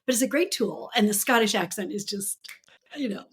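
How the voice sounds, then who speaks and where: A woman's voice: medium pitch, lively intonation, a little fast, breathy edge. A woman author as a podcast guest, telling stories with enthusiasm and frequent laughter in casual chat. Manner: enthusiastic storytelling, laughs often.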